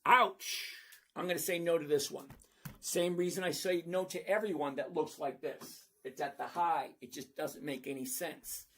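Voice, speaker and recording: A man's voice: a little high, steady tone, normal speed, fairly bright tone. A middle-aged man hosting a trading channel, giving blunt, sarcastic stock commentary and talking to viewers by name. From lives in Florida. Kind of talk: casual stock commentary over a screen share.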